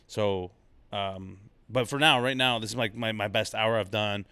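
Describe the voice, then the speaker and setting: A male stand-up comedian chatting as a podcast guest, relaxed and reflective, often repeating words as he thinks. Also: on the low side, normal speed, clear, resonant tone, no room sound. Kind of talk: casual podcast chat.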